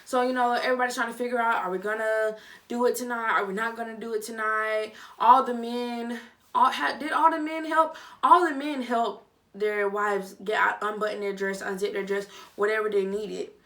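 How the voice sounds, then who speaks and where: A young woman vlogger giving a casual, chatty review, with animated, dramatic reactions. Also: fairly high pitch, normal speed, far from the mic. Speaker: vlogger reviewing a reality show. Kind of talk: casual chat.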